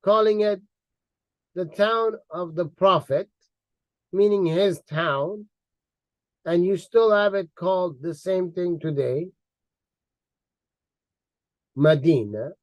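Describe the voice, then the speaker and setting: Angry, mocking high-voiced man. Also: takes it slowly, long pauses, no echo. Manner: repeats words for emphasis. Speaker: online commentator. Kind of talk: heated monologue.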